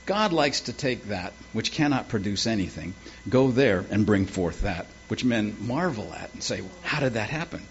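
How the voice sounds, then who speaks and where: A man's voice: on the low side, animated, moderate pace, slight background noise. A man preaching a sermon with folksy, humorous storytelling. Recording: dull lo-fi with faint ambience.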